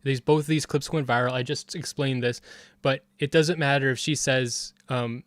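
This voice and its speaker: A man's voice: mid-range voice, fairly even intonation, normal speed, dry recording. Heated man doing dry streaming commentary. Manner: heated, rambling with restarts. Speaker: streamer reviewing a debate. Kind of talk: casual commentary.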